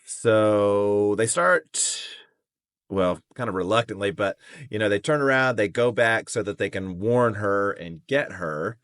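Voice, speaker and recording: A man co-hosting a podcast, calmly retelling a chapter's events in casual chat. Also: lowish voice, unhurried, no room sound, clean studio sound. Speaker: podcast co-host.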